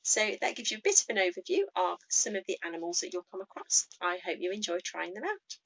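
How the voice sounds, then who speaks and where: A woman teaching beginners the names of farm animals in French, speaking slowly and patiently as she shows how each sound is made. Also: mid-range voice, big pitch swings, gravelly, fairly bright tone, highs cut off. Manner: slow, patient, demonstrates pronunciation. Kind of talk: language lesson for beginners.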